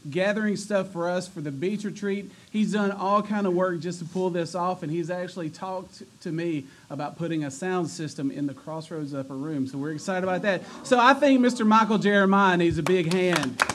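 High-pitched joking youth pastor. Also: male voice, moderate pace, hardly any pauses. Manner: joking, energetic, stumbles and teases the audience. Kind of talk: announcements and hosting a church youth event. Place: church youth room with a live audience.

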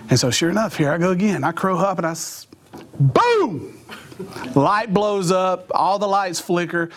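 A middle-aged man giving a comic, animated storytelling talk as a motivational speaker, acting out voices and sound effects. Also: sits high, normal speed.

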